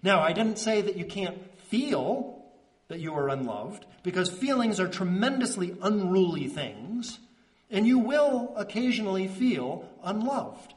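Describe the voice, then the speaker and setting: A man preaching a conversational sermon as pastor, earnest and checking in with the congregation, slowing into soft pauses on key words. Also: high voice, sing-song. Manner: earnest, checks in with "right?" and "okay?".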